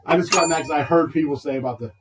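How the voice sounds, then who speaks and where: A man's voice: a little high, far from the mic, background noise. A man co-hosting a casual podcast chat, rambling, swearing and then apologizing when he gets worked up. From United States. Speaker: podcast co-host.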